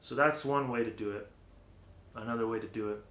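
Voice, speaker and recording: A man's voice: mid-range voice, steady tone, brisk, a bit bright. A man giving a casual, rambling vocal technique lesson, full of fillers, who breaks off to demonstrate different voice placements. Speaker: vocal coach. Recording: roomy echo.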